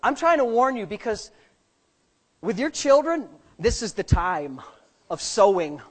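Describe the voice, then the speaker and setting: Fervent pastor preaching. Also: male voice, high-pitched, very animated, a little slow. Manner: fervent, swinging from quiet to shouting. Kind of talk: sermon.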